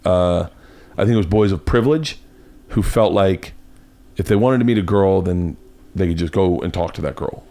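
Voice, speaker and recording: A man from Florida hosting a podcast, telling stories in casual chat and breaking into loud put-on voices. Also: deep voice, normal speed. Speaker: podcast host. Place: home studio.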